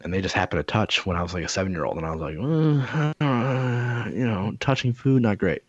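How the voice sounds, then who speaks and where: Male co-host, animated and profane, low voice, dry lo-fi sound. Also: very fast, husky, no room sound. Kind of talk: casual chat.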